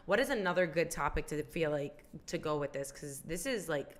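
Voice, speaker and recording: A woman's voice: low voice, lively intonation, moderate pace. A woman co-hosting a podcast, chatting casually and emphatically, swearing freely. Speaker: podcast co-host. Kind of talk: casual chat.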